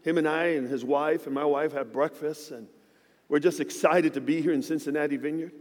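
A man in his fifties, a guest pastor, preaching a sermon in a church with lively, joking storytelling. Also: fairly high pitch, brisk, in a large hall. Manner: animated storytelling with joking asides. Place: church sanctuary.

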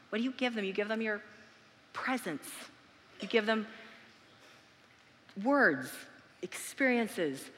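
A woman pastor preaching to her church, earnest and emphatic, leaning into key words and drawing them out slowly. Her voice is bright and forceful. It rings out with the long reverb of a large hall. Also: mid-range voice. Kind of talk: sermon.

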